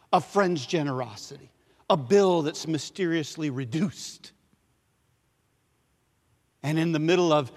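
A male pastor preaching a sermon, leading call-and-response, repeating key phrases and swinging between loud emphasis and hushed lines. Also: a little high. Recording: long hall reverb.

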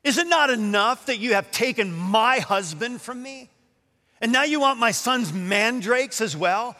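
A man putting on an indignant biblical woman who boasts and sneers, in a high voice. It rings out with a long hall reverb. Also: expressive, unhurried, sharp tone, full character voice. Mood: sneering. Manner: exclaiming, mocking.

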